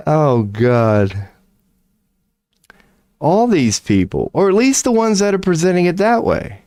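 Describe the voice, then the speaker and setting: Animated, profanity-laden man ranting. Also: high voice, measured pace, no echo, clean studio sound. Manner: profane, incredulous, laughs often. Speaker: streamer. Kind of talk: casual ranting commentary.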